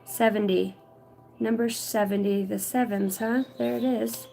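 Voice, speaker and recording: A woman's voice: medium pitch, fairly even intonation, a little slow, vocal fry, mellow, soft background music, poor audio. Earnest woman doing a psychic card reading. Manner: reads card text aloud, then breaks into casual, swearing asides; emotional, earnest. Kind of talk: intuitive oracle card reading.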